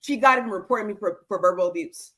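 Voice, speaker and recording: A woman's voice: mid-range voice, quick pace. A woman co-hosting a talk show on senior care, telling stories with exclamations, lots of fillers. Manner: animated, exclaiming, with many fillers. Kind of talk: casual storytelling chat.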